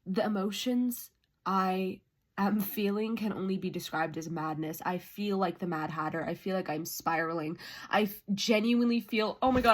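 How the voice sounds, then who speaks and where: A young woman records a book vlog. Her voice sits a little high, and she gushes in exclamations. She swings between excited shrieks and low, breathy murmurs. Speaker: book vlogger.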